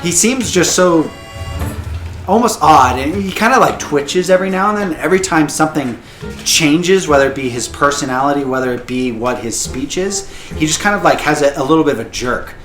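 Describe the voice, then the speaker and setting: A man's voice: a little high, expressive, brisk, fairly bright tone. A man narrating a tabletop game as game master, with frequent fillers and hesitations. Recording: echoey room, music behind.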